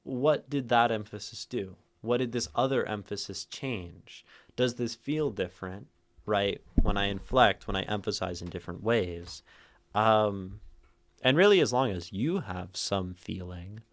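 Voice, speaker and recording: A man hosting a poetry livestream, thinking out loud to chat, shifting word stress and checking in with "right?". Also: lowish voice, a little slow. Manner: thoughtful, tags phrases with "right?"; plays with stress, rereading lines different ways. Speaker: streamer hosting a poetry reading. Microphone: streaming mic and camera.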